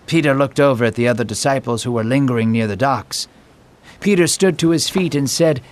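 A man narrating a scripted Bible story in a steady storytelling manner. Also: medium pitch, a little fast.

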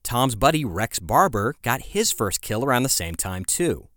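A man with a mid-range, fairly bright voice narrates a scripted history podcast at normal speed, his pitch swinging widely. He tells the story conversationally, with asides to his listeners. The recording is dry and of studio quality.

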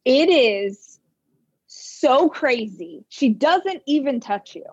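A woman hosting a podcast, telling a story in an animated, casual way that mixes quick bursts with drawn-out words. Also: sits high, husky, no room sound, lo-fi sound. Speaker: podcast host. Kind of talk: casual chat.

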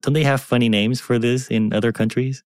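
A man's voice: mid-range voice, fairly even intonation, a little mellow, smooth, no room sound, studio quality. A man co-hosting a casual science chat, asking curious questions and cracking jokes. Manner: curious, joking, quick questions. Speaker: podcast co-host asking questions.

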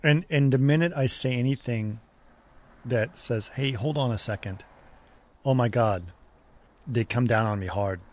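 A man's voice: mid-range voice, a little slow, long pauses. A man in a casual political chat, talking in an easygoing way with exasperated asides.

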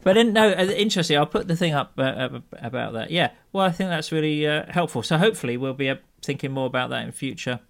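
A man's voice: on the high side, expressive, fast talker, creaky, few pauses. A man co-hosting a casual podcast, hesitant with lots of ums and restarts and a dry humour. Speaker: podcast co-host. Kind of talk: casual chat.

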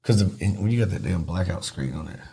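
A man, a rapper chatting casually on a podcast, animated and profane and quick to laugh. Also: low-pitched, gravelly, breathy edge. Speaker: rapper guest.

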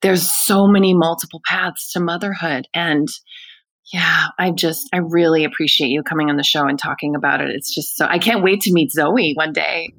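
A woman's voice: low voice, steady tone, normal speed, fairly bright tone, no echo. A woman hosting an interview show, affirming her guest in an effusive way. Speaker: podcast host. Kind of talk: interview conversation.

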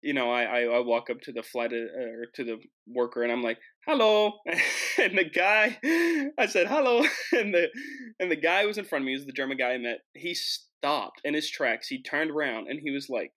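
A young man from the United States tells a travel story in a loose, jokey monologue. His voice is bright and forceful, and he often restarts his sentences before pushing on with energy. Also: medium pitch, a little fast, few pauses. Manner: animated, jokey, frequent restarts. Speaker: host.

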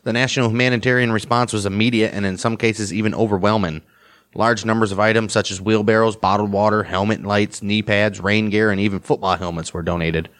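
A man co-hosting a podcast, reading history aloud with quick joking asides. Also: lowish voice, fairly even intonation, fairly bright tone. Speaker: podcast co-host. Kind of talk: reading history and casual chat.

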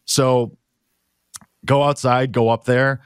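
A man's voice: mid-range voice, flat delivery, takes it slowly, clean tone, no echo, clean studio sound. Chatty man rambling through a story. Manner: rambling anecdote full of "like" fillers. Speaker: co-host telling a story. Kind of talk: casual chat.

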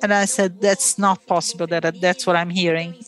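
A native Portuguese speaker from Brazil, once a player, shares her own story in a lowish voice at a moderate pace, with a flat delivery. Even so, she tells it with feeling, acting out the quoted dialogue.

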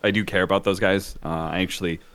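A man's voice: deep voice, little pitch movement, fast, fairly bright tone. A man co-hosting a casual podcast, teasing and laid-back, with lots of fillers. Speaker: podcast co-host.

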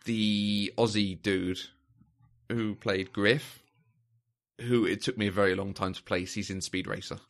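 A man's voice: on the low side, steady tone, unhurried. A man co-hosting a casual film discussion, thoughtful and hesitant, with plenty of fillers and restarts. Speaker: podcast co-host.

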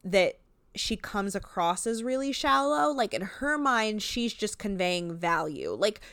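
A woman co-hosts a casual podcast, rambling with lots of "like" and easy laughter. Her voice is smooth and clear, recorded close and dry with no room sound. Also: medium pitch, expressive, measured pace, fairly bright tone, no room sound. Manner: chatty, lots of "like", laughs often. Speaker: podcast co-host. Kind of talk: casual chat recapping a reality show.

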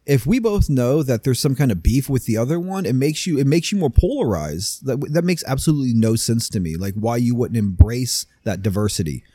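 A man's voice: mid-range voice, animated, a little fast, few pauses, mellow, no echo. A man co-hosting a podcast in a warehouse studio, talking bluntly in casual chat, swearing freely and restarting often. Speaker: podcast co-host.

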